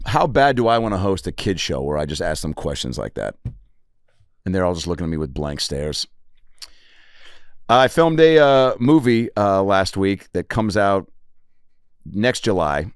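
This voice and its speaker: A man around forty, a comedian hosting his podcast alone, rambling through profane stories and jumping into quick character voices. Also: low voice, big pitch swings, dry recording, studio quality. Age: 40s. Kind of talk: solo comedic storytelling.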